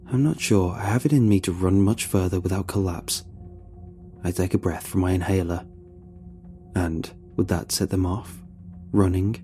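A man telling a first-person horror story in a tense, measured way. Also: deep voice, dark tone.

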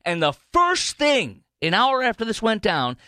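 A man's voice: high voice, wildly swooping pitch, measured pace, bright, forceful tone, no room sound. A man hosting a political talk radio show, rambling animatedly with many fillers and restarts.

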